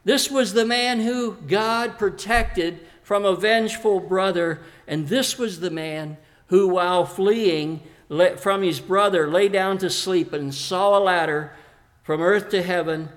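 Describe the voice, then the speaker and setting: A man's voice: high voice, a little slow. A man preaching a sermon, earnestly addressing his congregation while he retells a scripture passage as a story.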